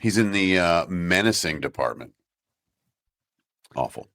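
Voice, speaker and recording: A man co-hosting a podcast who makes dry jokes and slips into quick mock voices. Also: sits low, lively intonation, a bit bright, no echo. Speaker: podcast co-host. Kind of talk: casual recap chat.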